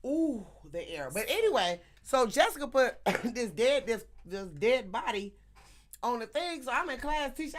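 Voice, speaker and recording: A woman telling a story in casual chat, animated and laughing often, acting out the people in it. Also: on the high side, moderate pace. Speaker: teacher.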